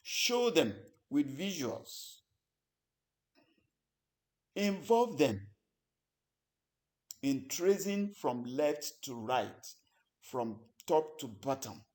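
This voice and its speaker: A man teaching public speaking in a lecture, talking deliberately with many pauses between short phrases. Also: mid-range voice, darkish tone.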